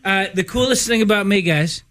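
A man's voice: sits high, fairly quick. A middle-aged man, a guest comedian, telling stories in a radio studio, chuckling as he goes. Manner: lively storytelling with chuckles.

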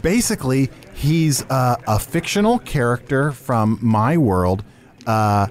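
Male improv comedy host, animated pitch, playful, easily flustered. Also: takes it slowly. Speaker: podcast host.

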